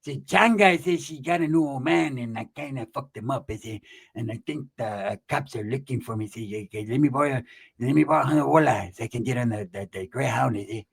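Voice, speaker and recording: A man voicing a down-and-out cousin on the run who mumbles in a low, pleading voice and drags out his words. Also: fairly quick, gravelly, breathy edge.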